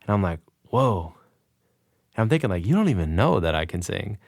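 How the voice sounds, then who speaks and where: Low-voiced and brisk with vocal fry, a man guests on a podcast and tells a story with animated excitement, voicing the quoted dialogue. This casual storytelling is recorded dry at studio quality.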